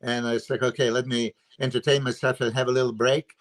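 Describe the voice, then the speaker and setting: Speaking briskly in a level, medium-pitched tone, a male guest coach weighs in on a casual podcast chat over a video call. He is a bodybuilding coach and guest analyst, a native Serbian speaker whose delivery is emphatic and full of fillers.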